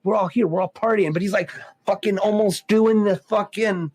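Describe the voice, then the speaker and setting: A man hosting a podcast, telling a profane, animated story in casual chat. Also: high-pitched, normal speed, no echo. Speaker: podcast host.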